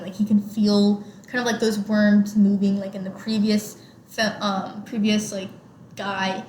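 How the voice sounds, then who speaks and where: In a mid-range, steady voice at a moderate pace, a young female podcast co-host walks through a movie's scenes, dropping "like" often in casual conversation. The space sounds open, with light background noise.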